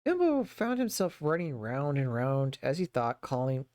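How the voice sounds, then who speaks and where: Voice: medium pitch, sing-song, normal speed, a little mellow, no room sound. Streamer reading a story aloud, dry close sound. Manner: reads steadily, stumbles over words and breaks off for playful asides. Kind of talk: casual read-aloud storytelling with chatty asides. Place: home streaming setup.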